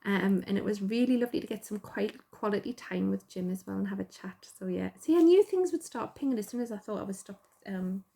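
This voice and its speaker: A woman's voice: mid-range voice, fairly quick, creaky, few pauses, mellow. A middle-aged woman with a Geordie accent, chatting casually and rambling as host, self-deprecating and full of fillers. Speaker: podcast host. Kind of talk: casual chat.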